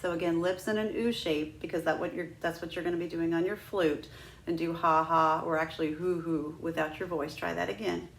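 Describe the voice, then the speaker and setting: A woman's voice: fairly low pitch, steady tone, a little fast, creaky, echoey room, a little hiss or hum. A woman teaching a flute lesson, patient and demonstrative, walking students through each step. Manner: patient, demonstrative, breaks into sung "ha ha" drills. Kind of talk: instructional lesson.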